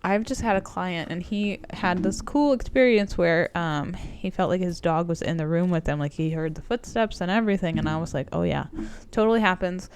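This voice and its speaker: Fighting a cold, this tarot reader and coach talks her viewers through a casual reading at a moderate pace, her low, darkish voice backed by a little hiss or hum. She meanders chattily, leaning heavily on "like" and "um".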